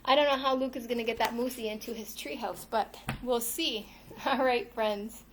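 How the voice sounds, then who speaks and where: A woman's voice: on the high side, fairly even intonation, normal speed, distant mic. A woman who teaches yoga to children, cheerfully reading a storybook and leading a class, often calling the listeners friends. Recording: roomy echo, faint noise.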